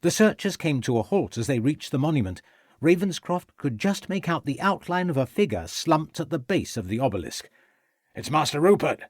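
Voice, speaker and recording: A man narrating an audiobook mystery with an expressive, dramatic reading. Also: a little high, normal speed, no echo, studio quality.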